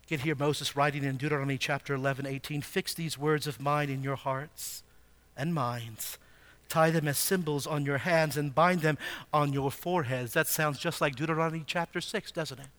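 A man preaching a sermon in a high, bright voice. He leans on rhetorical questions, dropping to a hush and then rising to loud emphasis. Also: steady tone, normal speed. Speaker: pastor.

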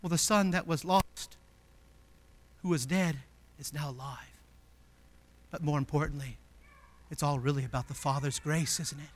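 A man preaching a sermon as pastor, emphatic and full of rhetorical questions, swinging between loud declarations and hushed, intimate passages. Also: fairly high pitch, fairly even intonation, normal speed, long pauses.

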